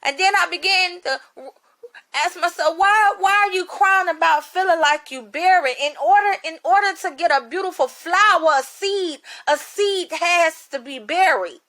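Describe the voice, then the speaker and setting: Woman preaching her testimony, high bright voice, slow and repetitive, stammers a lot. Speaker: ministry speaker. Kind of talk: spoken testimony sermon.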